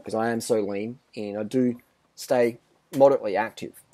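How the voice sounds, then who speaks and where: A man's voice: on the low side, fairly even intonation, normal speed, warm tone, no echo. A man in his forties ranting bluntly and boastfully to camera as a fitness and diet vlogger, swearing often and restarting his sentences. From Australia. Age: 40s. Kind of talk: casual rant to camera.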